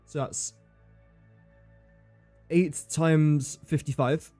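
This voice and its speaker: A man's voice: fairly high pitch, fairly even intonation, very slow, warm tone, no room sound, faint music behind. A man streaming live gameplay commentary, thinking aloud in a chatty way, talking to his game and to viewers in chat.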